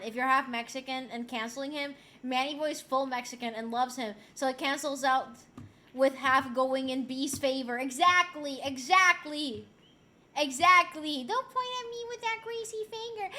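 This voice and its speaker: High-voiced young woman chatting on stream. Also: pushed and bright. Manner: chatty and loose, swears freely, laughs often. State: slightly sore throat. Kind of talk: casual chat stream, reading chat aloud.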